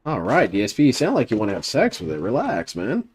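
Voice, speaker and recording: A man's voice: medium pitch, huge pitch swings, fast talker, a little mellow, slightly rough. A male host reacting to a stream clip, teasing and sarcastic as he talks over it. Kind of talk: mocking commentary over a clip.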